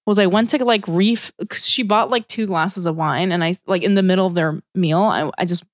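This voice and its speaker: A woman's voice: fairly low pitch, a little fast, no echo, studio quality. A woman in casual chat, telling a story with lots of swearing and acting out what people said. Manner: animated storyteller, swears freely, acts out quotes.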